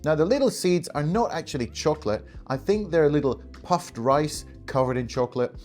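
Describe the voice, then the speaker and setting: A man's voice: fairly high pitch, animated, normal speed, a little mellow, soft background music. A man hosting a casual food taste-test video, talking in an enthusiastic, chatty way with frequent laughs. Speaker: food vlogger.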